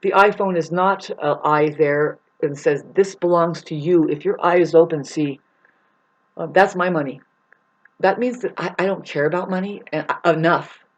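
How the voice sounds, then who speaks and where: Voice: medium pitch, moderate pace, highs cut off. A vlogger delivering an angry, rambling, profane monologue that warns and scolds the listener. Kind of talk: ranting monologue.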